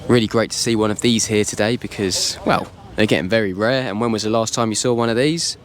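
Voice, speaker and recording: A man's voice: fairly low pitch, steady tone, quick pace. An enthusiastic man, chatting casually as he walks around an outdoor car show, his voice slightly worn. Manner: enthusiastic, chatty, informal slang. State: slightly losing voice. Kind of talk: casual walkaround commentary.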